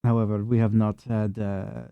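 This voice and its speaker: A man's voice: lowish voice, level tone, normal speed, creaky, smooth, no echo, phone-quality sound. A man voicing a weary old male burgomaster, solemn and heavy, a grieving town leader in a tabletop game. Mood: grave.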